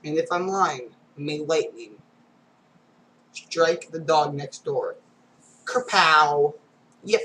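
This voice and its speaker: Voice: mid-range voice, slow pace, pauses often, a bit bright, a little hiss or hum, poor audio. A reader going through comic strips aloud, reading every panel and sound effect, with casual asides.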